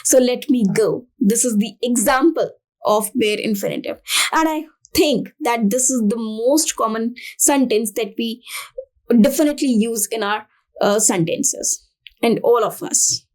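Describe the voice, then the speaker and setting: A woman's voice: on the high side, unhurried. A woman with an Indian English accent teaching a grammar lesson, going step by step through example sentences. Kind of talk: grammar lesson for exam prep.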